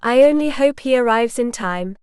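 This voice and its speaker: Lady reading a young noble lady, guarded and determined, smooth clear voice. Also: on the high side, expressive, normal speed, darkish tone, dry recording, studio quality, lightly acted. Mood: resolute. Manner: resolute, guarded.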